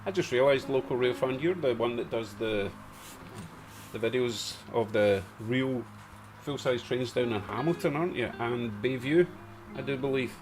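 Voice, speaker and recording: A man's voice: mid-range voice, moderate pace, noisy background. A man from Glasgow with a Glaswegian accent, chatting casually on a live stream as host and answering viewers in the chat. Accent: Glaswegian Scottish. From Scotland. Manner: chatty, reads out chat comments, chuckles to himself. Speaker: model railway livestream host.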